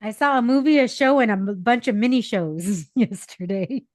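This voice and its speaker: A middle-aged woman co-hosting a podcast, chatting casually and telling stories in an animated way, acting out the people she quotes. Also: a little high, normal speed, no room sound, clean studio sound. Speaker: podcast co-host. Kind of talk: casual chat, storytelling. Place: parents' house.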